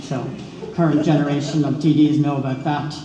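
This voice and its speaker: A middle-aged Irish man giving a formal speech at a book launch, pausing often with filler sounds. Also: on the high side, flat delivery, dark tone, muffled recording. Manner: hesitant, many filler sounds. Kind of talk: formal speech reading out quotes. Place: large echoey hall. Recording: echoey hall with long reverb.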